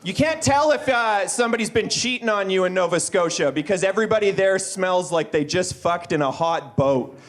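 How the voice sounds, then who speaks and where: A man's voice: high-pitched, animated, normal speed, hardly any pauses. A man doing a stand-up roast on a comedy club stage, brash and mocking, laughing at his own jokes. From Manitoba, Canada.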